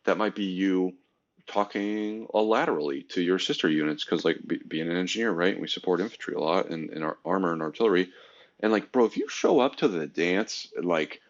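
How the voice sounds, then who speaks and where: A man's voice: low voice, brisk, lo-fi sound. A man on a podcast telling army stories in casual, profane bro-speak, acting out the voices of others. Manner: animated storytelling, acts out voices of others. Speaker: podcast co-host, army engineer veteran.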